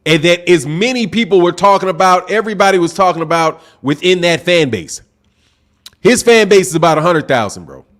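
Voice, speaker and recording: A man hosting a live-stream boxing talk show, loud and excitable, projecting his voice and saying "bro" a lot while reading viewer super chats. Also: sits high, a little fast. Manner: reads super chats aloud. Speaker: boxing channel host. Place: home live stream, sipping drinks.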